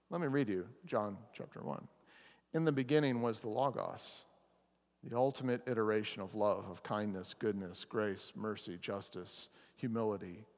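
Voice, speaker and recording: A man preaching a chapel sermon as a pastor, telling a story with lively acted-out lines. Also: on the high side, in a large hall. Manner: animated storyteller, acts out characters' lines. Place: chapel or meeting hall.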